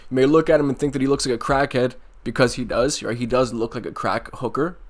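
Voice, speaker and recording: A man rants through a casual MMA commentary at a middling pitch. He is sarcastic and mocking, and he swears freely. He sounds like a YouTube host talking straight to his viewers. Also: fast talker.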